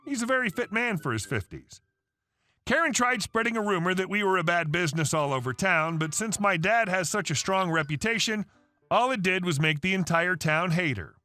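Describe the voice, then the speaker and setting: A man reading an online story aloud, narrating with animated delivery and changing voices for the characters. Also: sits high, moderate pace, faint music behind.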